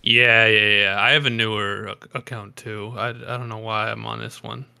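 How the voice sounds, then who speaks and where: A man's voice: fairly low pitch, flat delivery, normal speed, creaky, sharp tone, smooth. A man on a podcast as a guest, chatting casually and teasing the host with short, dry remarks and some swearing. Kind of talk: casual chat.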